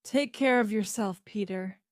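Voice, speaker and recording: A woman voicing an anxious storybook mother, high shouted calls, fussing over her son. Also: measured pace, no room sound, studio quality, lightly acted. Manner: shouting up the stairs.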